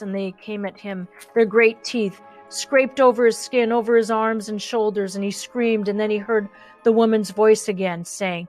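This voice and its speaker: A woman narrating a children's novel in a gentle, measured way. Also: medium pitch, steady tone, faint music behind. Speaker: audiobook narrator. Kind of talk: audiobook narration.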